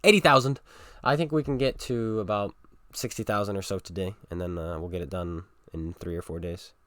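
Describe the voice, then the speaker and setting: A man with a fairly low voice talks through his tank battles as a livestream commentary. He is sarcastic and exasperated with his teammates, speaking into a desk microphone. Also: fairly even intonation, fairly quick, smooth, no echo. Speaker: game streamer. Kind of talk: casual gameplay commentary.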